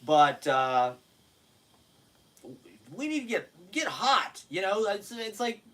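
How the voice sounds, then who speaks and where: A man in his forties from the United States rambles through a self-deprecating, profane monologue, laughing often and sometimes drifting away from the mic. His high voice swings widely in pitch, slow and a bit bright.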